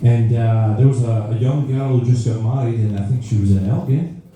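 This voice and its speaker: A man's voice: medium pitch, fairly even intonation, a little fast, dark tone, a little hiss or hum. A man performing a live stand-up routine, telling a rambling story that keeps interrupting itself. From Scotland. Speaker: stand-up comedian. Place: live comedy venue. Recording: roomy live venue, mic far off.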